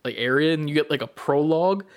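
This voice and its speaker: A man's voice: on the high side, fast, clear, resonant tone. A young man chatting casually as a podcast co-host, rambling with lots of fillers and swearing. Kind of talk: casual chat.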